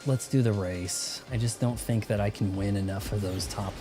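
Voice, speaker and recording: This gameplay streamer speaks at normal speed in a fairly low, steady tone. With game music in the background, he rambles and cracks jokes while playing live.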